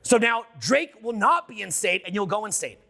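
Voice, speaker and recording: A man giving a live seminar talk to an audience, animated and profane, firing questions at the crowd. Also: high voice, normal speed, vocal fry. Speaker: seminar speaker. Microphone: unamplified handheld mic.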